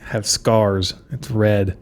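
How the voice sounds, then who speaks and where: A man co-hosting a comedy podcast, giving absurd parenting advice in a slow, deadpan way. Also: on the low side. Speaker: podcast co-host.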